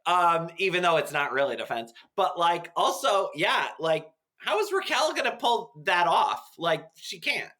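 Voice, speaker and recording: A man's voice: high voice, sing-song, measured pace, hardly any pauses, sharp tone. A man guesting on a podcast, chatting casually and hedging with lots of fillers. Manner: casual, lots of likes and hedges. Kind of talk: casual chat.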